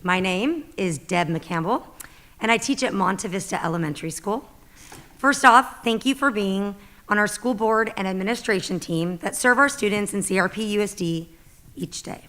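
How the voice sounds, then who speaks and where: A woman's voice: mid-range voice, lively intonation, normal speed, a bit bright. A middle-aged woman teacher giving public comment at a school board meeting, earnest and emotional, crying as she pleads. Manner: earnest, emotional plea, voice breaking into tears.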